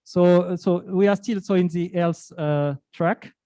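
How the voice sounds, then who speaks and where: A man moderating a live pitch event, introducing speakers in a chatty, rambling way. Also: fairly even intonation, slow, dark tone, clean tone, dry recording.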